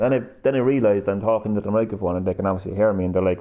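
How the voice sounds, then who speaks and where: A man's voice: lowish voice, racing, narrow, tinny audio. A man live-streaming a fighting game, chatting casually, rambling and swearing freely as he plays. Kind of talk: casual gameplay commentary.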